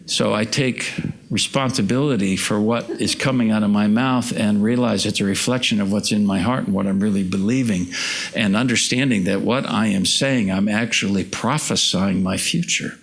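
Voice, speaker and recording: A man's voice: on the low side, moderate pace, creaky. A man preaching a sermon as pastor, conversational and self-deprecating, asking the congregation questions. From United States. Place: church.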